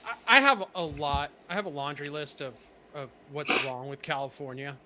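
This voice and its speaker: A man's voice: on the high side, moderate pace, noisy background. A man co-hosting a podcast over a video call, earnestly explaining his views. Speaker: podcast co-host. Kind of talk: casual chat. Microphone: home mic on a video call.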